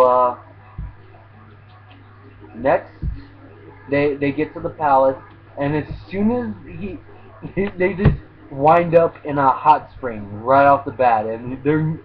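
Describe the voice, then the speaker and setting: A young man giving a laid-back manga chapter review, often swearing and restarting his sentences. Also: mid-range voice. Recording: tinny phone-like lo-fi audio.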